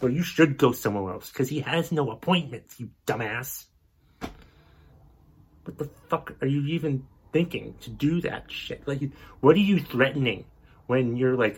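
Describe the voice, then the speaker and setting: A man's voice: mid-range voice, a little slow, husky. A male podcast host delivering an exasperated, profanity-heavy rant. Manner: angry, exasperated, heavy swearing.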